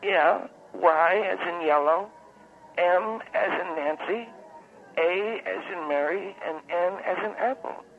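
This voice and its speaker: A man's voice: high-pitched, voice pushed up. A man playing a muddled older woman caller. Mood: confused. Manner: halting, hesitant, spells things wrong. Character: confused older woman caller lost at a carnival. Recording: phone-like call line.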